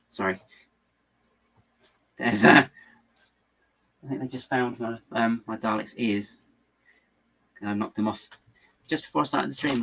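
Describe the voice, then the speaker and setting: Man, young adult, livestream host, casual rambling chat, husky, low-pitched. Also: unhurried, pauses often, a bit bright. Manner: rambling, self-amused, chats to viewers. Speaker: livestream host building LEGO. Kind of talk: casual chat while building.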